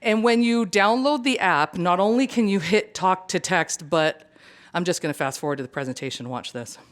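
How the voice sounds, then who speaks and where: A woman presenting at a career event, chatty and animated, joking with the audience. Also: lowish voice, normal speed. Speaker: conference presenter. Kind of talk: lively seminar talk.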